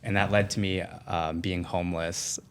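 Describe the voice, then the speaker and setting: A man guesting on a podcast, telling a personal story in a casual, animated way, full of "like" fillers and acted-out quotes. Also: low-pitched, normal speed, clean tone. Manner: animated, acts out quoted voices, many "like" fillers.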